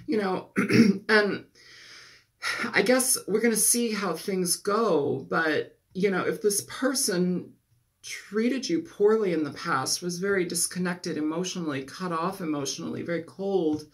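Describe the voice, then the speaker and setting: A man giving a casual tarot reading, rambling and clearing his throat often as he loses his voice after a nap. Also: high voice, moderate pace, a bit bright. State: losing his voice, just woke from a nap. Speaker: tarot reader.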